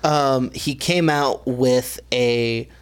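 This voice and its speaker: A man's voice: mid-range voice, drawn-out words, clean tone. Rambling young man on a podcast. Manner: relaxed, rambling with many fillers. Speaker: podcast co-host. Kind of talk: casual chat.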